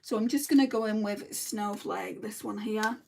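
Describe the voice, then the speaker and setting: Doing her makeup while responding to viewer comments, a Lancashire-born beauty vlogger talks bluntly in her local accent. Her voice is medium-pitched, gravelly and a touch mellow, at a normal speed; she's slightly off-mic, and there's a bit of background noise.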